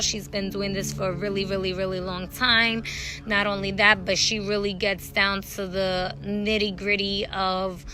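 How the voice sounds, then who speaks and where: Bright-voiced woman, blunt and profane. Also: medium pitch, low-quality recording. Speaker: spiritual healer. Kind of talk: casual vlog monologue. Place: outdoors at a dog park.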